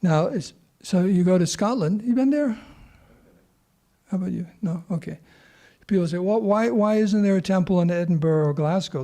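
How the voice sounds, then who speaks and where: Gravelly man leading a scripture class. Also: on the high side, warm tone. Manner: chatty, rambling storytelling. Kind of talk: informal scripture class with questions.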